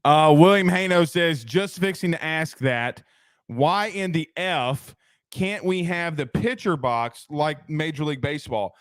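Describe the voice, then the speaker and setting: Ranting high-voiced sports talk host. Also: male voice, unhurried, smooth, no room sound, clean studio sound. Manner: animated, ranting, reads chat comments. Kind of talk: casual postgame sports talk.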